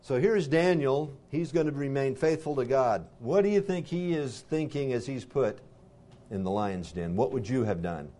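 A man reading scripture aloud and pausing to explain it in a conversational way, asking his listeners questions. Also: mid-range voice, mellow. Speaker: Bible teacher.

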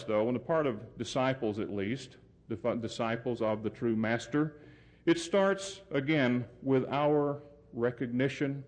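A man delivering a sermon in an earnest, emphatic way. His voice sits at a middle pitch, climbs when he drives a point home, and slows down for weight. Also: darkish tone. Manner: earnest, emphatic, rising pitch on key points, deliberate pauses. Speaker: preacher.

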